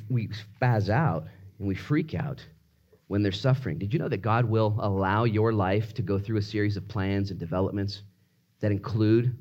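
A man preaching a sermon in an animated, conversational way, swinging between loud emphasis and hushed moments. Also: fairly low pitch, dull audio. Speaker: pastor.

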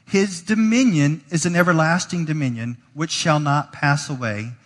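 This pastor's voice runs a little high, trailing a long reverb through the church sanctuary. Preaching earnestly, he tends to repeat words as each phrase gets going.

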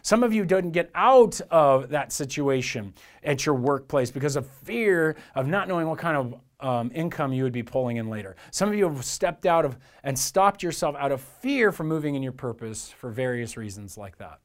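A man's voice: mid-range voice, expressive, moderate pace, few pauses. A man preaching a sermon as pastor, in an earnest, conversational way with lots of repetition.

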